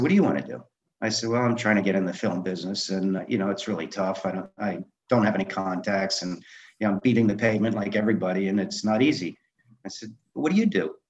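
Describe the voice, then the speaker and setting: Man, middle-aged, low voice, animated storyteller, acts out dialogue, dull lo-fi audio. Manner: animated anecdotes, acting out quoted dialogue. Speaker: guest, film director and memoir author. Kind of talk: conversational storytelling interview.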